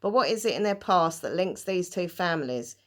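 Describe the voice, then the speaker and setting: A woman vlogs about a pile of new and used books, gushing over each one and reading the blurbs aloud. Her voice sits a little low for a woman. She talks chattily, trips over words now and then, and laughs it off. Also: animated, normal speed. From United Kingdom. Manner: chatty and enthusiastic, loses her place and laughs it off. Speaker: book vlogger. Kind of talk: casual book haul chat with blurbs read aloud.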